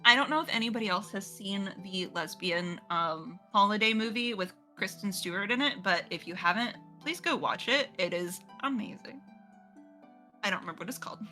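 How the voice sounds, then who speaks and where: A woman's voice: medium pitch, normal speed, bright, forceful tone, faint music behind. A woman playing in a live-streamed tabletop game, chatting in a bubbly way and laughing easily.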